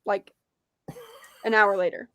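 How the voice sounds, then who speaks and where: A young woman, a podcast guest telling a story with lively, laughing energy. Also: medium pitch, slow pace, dry recording. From Tennessee. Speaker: podcast guest, disc golf pro. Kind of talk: casual storytelling interview.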